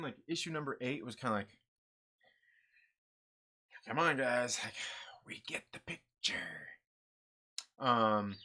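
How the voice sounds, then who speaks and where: A man's voice: mid-range voice, bright, forceful tone. A man hosting a comic book channel, chatting casually and answering viewer comments in an upbeat, rambling way with lots of fillers.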